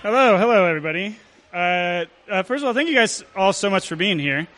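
A man telling and reading a comic story at a live show, halting and full of fillers. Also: high-pitched, expressive, pushed and bright, slight background noise. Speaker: storyteller performer.

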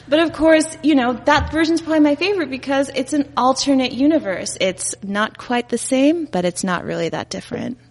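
A woman's voice: high-pitched, lively intonation, brisk, few pauses, a little hiss or hum. Playful woman telling stories on stage. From Dallas, Texas. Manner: playful, laughing often. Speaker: storyteller on stage. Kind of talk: live stand-up storytelling. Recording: live hall with long reverb.

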